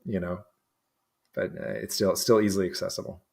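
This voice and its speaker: A man from New England, a guest in a casual conversation, who talks haltingly with many restarts and fillers. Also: low-pitched, little pitch movement, vocal fry, darkish tone. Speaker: interview guest.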